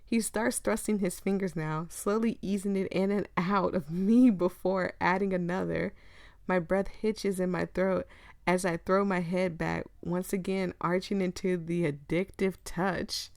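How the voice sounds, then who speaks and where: A woman's voice: on the low side, steady tone, unhurried, darkish tone, no room sound, clean studio sound. A young woman reading a visual novel aloud with her own commentary, often breaking into giggles. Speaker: gaming video creator.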